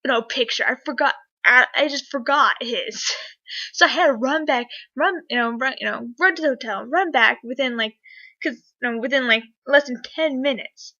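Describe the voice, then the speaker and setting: A young woman vlogger telling a story casually, rambling and excitable, full of fillers. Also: sits high, moderate pace. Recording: dull lo-fi webcam audio.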